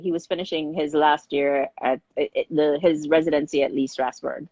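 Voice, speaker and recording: Woman, middle-aged, low voice, lively storyteller, restarts her sentences, muffled dry recording. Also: moderate pace, few pauses, no echo. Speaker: filmmaker guest. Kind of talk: casual interview conversation.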